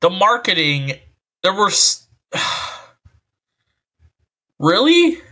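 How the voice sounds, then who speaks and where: A man's voice: mid-range voice, unhurried, a bit bright. A man reading an article aloud and reacting with exasperated, rambling commentary through a voice changer, sighing often. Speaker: online commentator.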